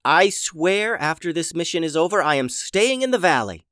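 Male narrator as a grumpy young ninja woman, raised pitch, louder, storybook. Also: wildly swooping pitch, moderate pace, slightly rough, dry recording, studio quality, heavily acted. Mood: grumbling. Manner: complaining, emphatic.

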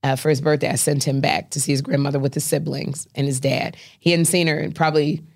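A woman's voice: low voice, flat delivery, quick pace, vocal fry, a little mellow. A middle-aged woman, a comedian, chatting in an interview and telling colloquial stories with punchy asides. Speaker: talk show host and comedian, interview guest. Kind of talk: casual interview chat.

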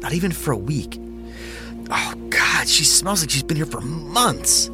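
A man voices a shaken young husband in a horror audio story, his voice lifted above his usual narrating tone and swinging widely in pitch. He sounds tense and hesitant, tripping over his words, while music plays behind him. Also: sing-song, measured pace. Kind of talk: dramatic horror story reading.

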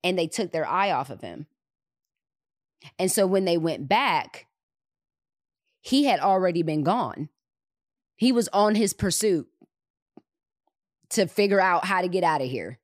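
A woman hosting a podcast, retelling a movie scene in an animated way and repeating words for emphasis. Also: on the low side, unhurried, pauses often, no echo, clean studio sound. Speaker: podcast host. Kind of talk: retelling a movie in casual chat.

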